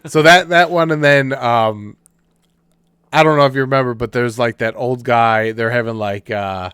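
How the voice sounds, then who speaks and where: Podcast guy rambling about funny sketches, lots of likes and restarts, smooth voice, dry close mic. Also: mid-range voice, moderate pace, dry recording. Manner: animated retelling of comedy sketches, laughing as he quotes; rambling with many fillers and restarts. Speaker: podcast co-host. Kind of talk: casual chat.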